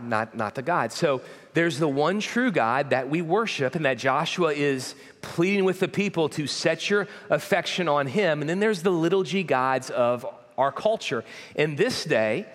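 A man's voice: on the high side, a bit bright. A man preaching a sermon as pastor, in an emphatic, repetitive preaching cadence. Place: church auditorium. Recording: long hall reverb.

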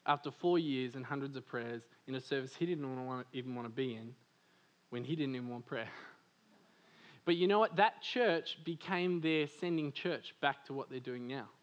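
A man from Australia preaching a sermon, animated and full of stories, laughing often and saying "like" a lot. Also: mid-range voice, moderate pace, dull audio. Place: church service.

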